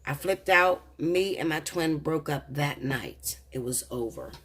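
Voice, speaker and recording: A woman's voice: deep voice, a little slow, slightly rough. A woman in her thirties, a tarot reader, telling a personal story in a heated, profane, confessional way. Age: 30s. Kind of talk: casual storytelling to camera.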